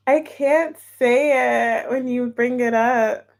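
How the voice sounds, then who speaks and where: A woman's voice: fairly high pitch, a little mellow, a little hiss or hum. A woman hosting a tarot livestream, chatting casually and giggling as she greets viewers by name.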